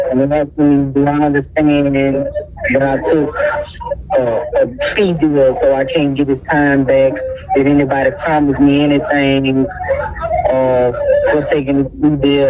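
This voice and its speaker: A man's voice: medium pitch, distant mic, dull audio. A man with a Louisiana accent, a guest in an interview, telling his story in a casual, streetwise way and acting out the voices of people he quotes. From Baton Rouge, Louisiana. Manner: retells events acting out quoted voices, heavy on "bro" and "you know what I'm saying".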